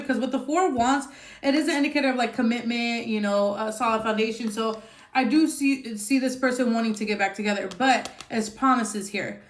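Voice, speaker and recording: A woman with a slightly high, quick voice and a reverberant sound does a casual tarot reading. She is chatty and blunt and swears a lot. She fills her talk with "um" and keeps tagging on "okay?"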